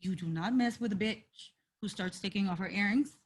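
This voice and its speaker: A woman co-hosting a casual wrestling podcast, sassy and animated, swearing freely. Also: mid-range voice, normal speed, husky. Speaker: podcast co-host.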